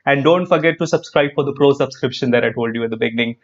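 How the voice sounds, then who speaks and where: A man with an Indian English accent teaching an online grammar class, lively and repetitive, quizzing his students as he goes. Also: mid-range voice, fast, lo-fi sound. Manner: lively, repeats phrases, quizzes students, frequent "perfect".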